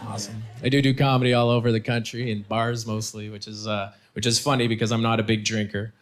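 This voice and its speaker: A man's voice: lowish voice, little pitch movement, quick pace, music in the background. A man performing stand-up comedy with punchy, self-deprecating delivery. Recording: live show with loud crowd and noise. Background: audience laughter.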